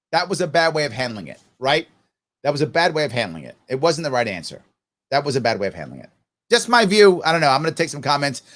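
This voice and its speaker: A middle-aged man hosts a live political commentary show with a high, very lively voice that climbs and dips constantly. He argues his case in a back-and-forth manner, throwing rhetorical questions at his audience and slipping into quick impressions of other people. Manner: animated, argumentative, peppered with rhetorical questions; acts out quoted voices mid-rant. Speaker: host.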